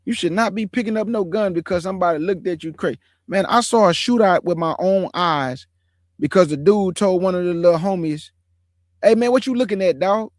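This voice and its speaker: A man's voice: high voice, a little fast, dry recording. Brief: emphatic man, 40s, slangy streamer testimony, dry close sound. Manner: preachy, emphatic, repeats phrases, slangy street talk. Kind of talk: casual testimony to an online audience.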